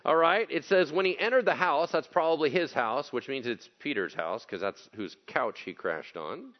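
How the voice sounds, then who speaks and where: A man's voice: on the high side, lively intonation, moderate pace, highs cut off. A man preaching a sermon as pastor, talking casually and bluntly and acting out the people he quotes.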